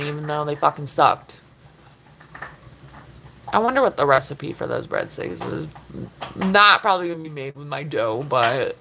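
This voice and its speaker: A woman's voice: sits low, gravelly, a bit bright, slight background noise, rough recording. A woman casually chatting with her viewers in her home kitchen, rambling, full of "like" and casual swearing. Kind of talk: casual chat. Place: home kitchen, doing chores.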